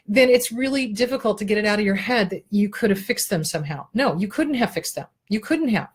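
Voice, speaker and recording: A woman's voice: mid-range voice, animated, a little fast, hardly any pauses, slightly rough. A woman hosting an advice talk, speaking bluntly, swearing freely and telling jokes with little voices. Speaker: therapist and show host.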